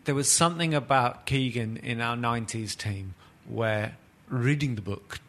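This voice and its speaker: A man's voice: medium pitch, moderate pace, a bit bright. Blunt, sweary male podcast host. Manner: blunt, swears casually, laughs while talking. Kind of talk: casual football podcast chat.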